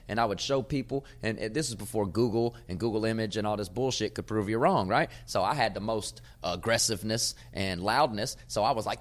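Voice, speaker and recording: A man, a comedian hosting his podcast, telling a casual, profane story and getting loud when he acts out old arguments. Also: on the low side, fast talker, few pauses. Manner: profane, animated storyteller who gets loud acting out arguments.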